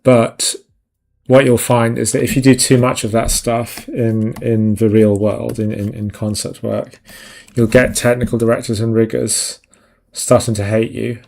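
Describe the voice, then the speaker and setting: A man's voice: mid-range voice, little pitch movement, unhurried, gravelly, a little mellow. A man chatting casually on a live stream while he draws, rambling and putting himself down, his thoughts often trailing off. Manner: rambling, self-deprecating, trailing off. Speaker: concept artist streamer.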